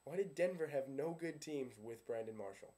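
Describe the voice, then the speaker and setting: Dark-voiced sarcastic man, football fan rant. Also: mid-range voice, expressive, normal speed. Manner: sarcastic, ranting, keeps asking himself questions. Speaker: sports vlogger.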